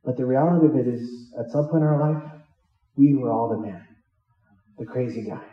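A man's voice: medium pitch, fairly quick, reverberant, recorded from a distance, dull audio. A man preaching a sermon as a pastor, who jokes and acts out the disciples' lines as he tells the story. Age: adult with children. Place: church hall.

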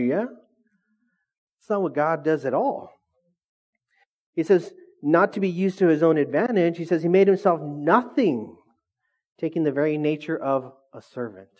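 Cracking jokes and drawing responses from the congregation, a middle-aged male pastor delivers a sermon. His voice is fairly high and a little mellow, and the lo-fi recording sounds dull.

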